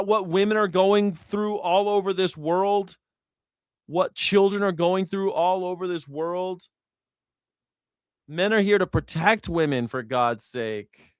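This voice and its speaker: A man hosting a live news reaction show, ranting in a loud, profane way and mimicking bells and shouting. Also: sits high, smooth, no echo, clean studio sound.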